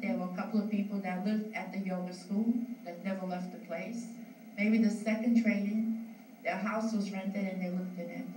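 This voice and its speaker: A woman's voice: medium pitch, mellow. A middle-aged woman from the US East Coast, a yoga school founder giving a heartfelt, rambling tribute speech with frequent restarts. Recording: echoey room, distant mic, noisy.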